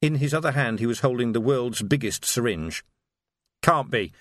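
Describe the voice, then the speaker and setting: A man narrating an audiobook with a lively, expressive reading. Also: medium pitch, fairly quick, no echo, clean studio sound.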